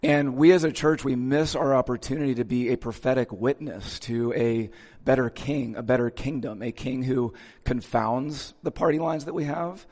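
Male pastor, relaxed sermon style, average pitch, long reverb of a big sanctuary. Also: moderate pace. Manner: casual, checks in with listeners. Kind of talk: conversational sermon.

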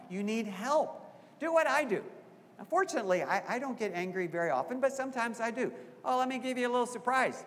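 A man's voice: high voice, a bit bright. A man preaching a sermon as pastor, emphatic and repeating key phrases, often putting questions to the congregation. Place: church sanctuary. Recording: long hall reverb.

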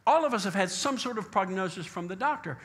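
A man pastor preaching a sermon emphatically, asking rhetorical questions and slowing down to read scripture. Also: high-pitched, animated, a bit bright.

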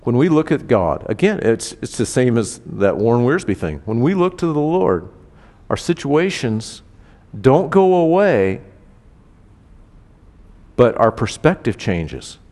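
A man preaching in a conversational style, animatedly acting out quoted voices with big swings in pitch. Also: very animated, unhurried, a little mellow, in a large hall. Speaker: pastor. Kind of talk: conversational sermon.

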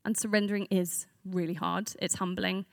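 Creaky-voiced woman giving a relaxed sermon. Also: lowish voice, normal speed, no echo, studio quality. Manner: earnest, reflective, unscripted. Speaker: church speaker. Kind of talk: conversational sermon.

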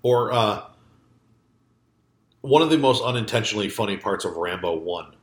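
Rambling, low-voiced podcast co-host man. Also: expressive, normal speed. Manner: loose, profane, rambling with many fillers. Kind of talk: casual chat. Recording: echoey room.

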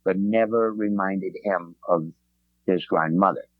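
Low-voiced chef telling stories. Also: male voice, measured pace, no echo, phone-quality sound. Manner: rambling, repeats words, animated retelling. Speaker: chef and podcast guest. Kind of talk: casual storytelling chat.

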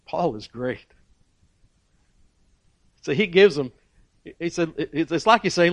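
A male preacher with a fairly high, expressive voice delivers an emphatic sermon, swinging from loud peaks to quiet asides and often restarting his phrases. He speaks slowly with long pauses, and the sound is dry and close with no room sound.

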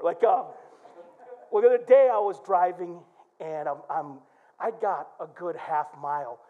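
A male pastor from Michigan preaching in church, telling a story with lively acted-out quotes and shouts. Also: high-pitched, normal speed, muffled recording. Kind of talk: sermon.

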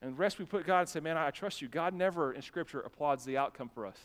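A male pastor preaching an emphatic sermon to his church, later softening into a quiet invitation for the congregation to reflect. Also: a little high, fast talker. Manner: emphatic preaching with rising intensity, then soft invitation.

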